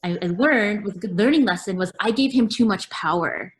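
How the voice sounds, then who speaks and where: A woman founder chatting in an interview, full of fillers and restarts, acting out quoted dialogue with sudden lively jumps in pitch. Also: brisk. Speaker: guest, apparel brand founder. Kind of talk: casual interview chat.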